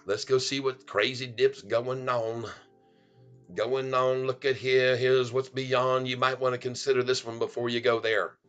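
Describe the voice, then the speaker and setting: A man's voice: mid-range voice, flat delivery, unhurried, fairly bright tone, clean tone, lo-fi sound, soft background music. A middle-aged man hosting a stock market livestream, joking, rhyming and laughing often as he hypes his viewers. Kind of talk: playful sing-song stock chat.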